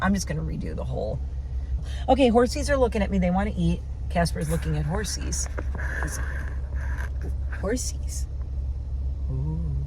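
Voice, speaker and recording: A woman chats casually to her camera outdoors on a farm, rambling through her story and cooing at the animals around her. Her voice sits a little low. The camera audio is noisy, with outdoor sounds and passing vehicles behind her. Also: darkish tone. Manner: rambling, self-deprecating, coos at animals. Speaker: vlogger. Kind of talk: casual vlog chat.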